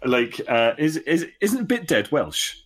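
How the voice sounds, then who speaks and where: A man's voice: fairly high pitch, very animated, slow pace, fairly bright tone. A man co-hosting a casual podcast, teasing his co-host with crude, joking banter.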